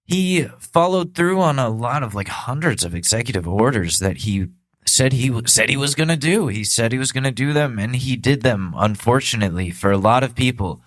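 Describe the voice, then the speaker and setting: A man's voice: medium pitch, animated, moderate pace, no echo. A man hosting a podcast, ranting sarcastically with lots of swearing in a comedic political monologue. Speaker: podcast host.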